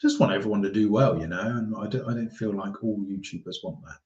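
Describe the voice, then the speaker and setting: A man's voice: lowish voice, fast talker, darkish tone. A man chatting casually on a live stream as a golf YouTuber, rambling and reading viewer comments aloud. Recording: roomy, dull lo-fi sound.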